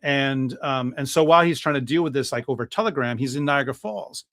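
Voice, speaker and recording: A priest telling a church history story in a lively talk-show conversation, with plenty of fillers and restarts. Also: male voice, mid-range voice, a little fast, dry recording, clean studio sound. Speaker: guest priest.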